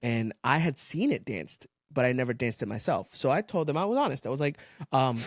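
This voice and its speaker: A man co-hosts a podcast, chatting casually and telling animated stories packed with swearing and frequent laughter. His voice is medium-pitched and a little fast, with few pauses. The studio recording is clean, with no echo.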